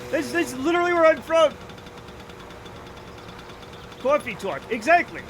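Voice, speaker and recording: A high-pitched man with a Rhode Island accent chats loosely with his viewers while playing a game. He talks in an animated way, swears freely and draws his vowels out. Car engine noise from the game plays clearly behind him. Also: unhurried. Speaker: streamer. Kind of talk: casual chat with viewers while gaming.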